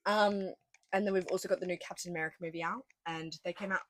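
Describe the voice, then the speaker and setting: A woman's voice: lowish voice, fast. A young woman with an Australian accent, co-hosting a casual podcast and telling stories with swearing and laughs. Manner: animated storytelling with laughs and swearing. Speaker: podcast co-host. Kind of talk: casual chat.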